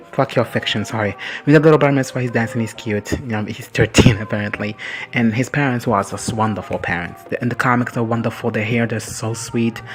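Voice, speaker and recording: A man's voice: medium pitch, fairly bright tone. A man casually recapping and reacting to a TV episode, rambling and sassy, swearing freely and laughing often. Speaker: reaction video host.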